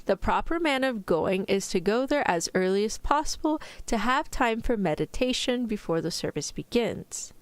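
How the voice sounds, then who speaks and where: A woman's voice: on the high side, animated, moderate pace, few pauses, no echo, lightly acted. Woman reading as a mild, pious country vicar. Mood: agreeable. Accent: put-on British. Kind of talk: soft-spoken ASMR reading.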